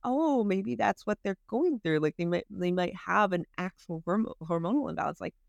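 A woman in her thirties, a podcast guest, chats casually and animatedly in a mid-range voice with lively intonation at normal speed. Her voice is creaky, and she laughs often and acts out her own inner voice. The lo-fi recording has no room sound.

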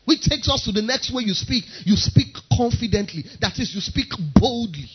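A man's voice: very high-pitched, animated, moderate pace, slightly rough, muffled recording. A man preaching a sermon, emphatic and driving his points home by repeating key phrases.

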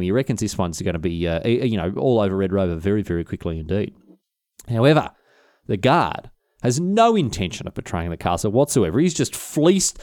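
A man's voice: medium pitch, darkish tone, dry recording, clean studio sound. A man telling a history story in an irreverent, slangy way, often restarting mid-sentence. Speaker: podcast host.

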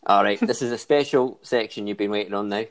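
A man's voice: fairly low pitch, quick pace. A man hosting a casual football chat, cracking pun-filled jokes and laughing at them. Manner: jokey, laughs at his own puns. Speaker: podcast host. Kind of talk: casual chat with joke segments.

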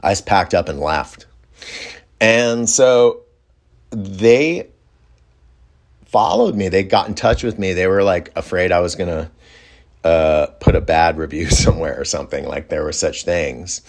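A man's voice: deep voice, a little slow, long pauses. A man telling a personal story in a casual, reflective way, rambling with fillers and restarts. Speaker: storyteller recounting a personal experience.

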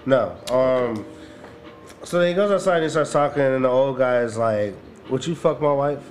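A man's voice: mid-range voice, normal speed, music in the background. A man co-hosting a podcast, telling rambling stories in casual, profane slang. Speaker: podcast co-host. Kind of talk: casual chat.

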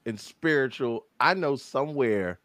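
A man's voice: mid-range voice, unhurried, no room sound. A man co-hosting a casual group chat, joking and swearing with friends. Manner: animated, joking, profane.

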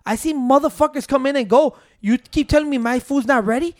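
Man, high voice, rambling profane storyteller, dry recording. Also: fairly quick, a little mellow, dry recording. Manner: rambling, profane, mixing in Spanish, keeps saying "wait". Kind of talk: casual storytelling among friends.

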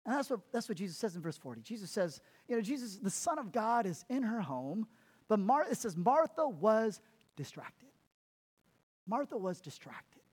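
A man's voice: high voice, big pitch swings, normal speed, a little mellow, breathy edge. A man preaching a sermon as pastor, emphatic, repeating words and laughing at himself.

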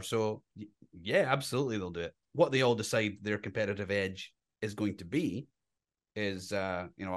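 An Australian man in a casual podcast chat, explaining his reasoning steadily. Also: fairly low pitch.

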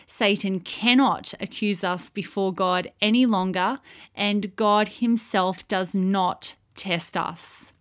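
A woman teaches from scripture at an unhurried, measured pace. She presses hard on repeated words for emphasis and reads each verse out carefully. Her voice sits at an ordinary middle pitch. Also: fairly bright tone. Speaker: Bible teacher.

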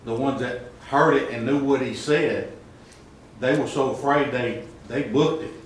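A male member of a Bible study group joins the discussion in a relaxed, slangy way. His voice is caught from far off in a very echoey room. A faint noise sits under him. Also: medium pitch, measured pace. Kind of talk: casual discussion.

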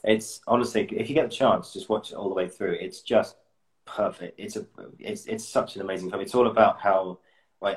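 A man with a very low voice hosts a relaxed conversation. He laughs often, trips over his words and restarts his sentences. The talk is easy and informal. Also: low-quality recording. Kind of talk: casual chat.

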